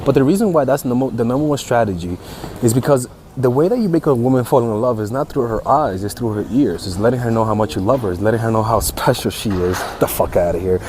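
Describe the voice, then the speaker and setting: A man's voice: medium pitch, fast talker, darkish tone, slight background noise. A man giving casual dating advice in a blunt, crude, mocking manner.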